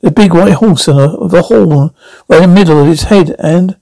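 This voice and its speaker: A man reading the part of a young male companion, speaking in a halting, hesitant way. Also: fairly high pitch, creaky, warm tone, dry recording. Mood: shaken.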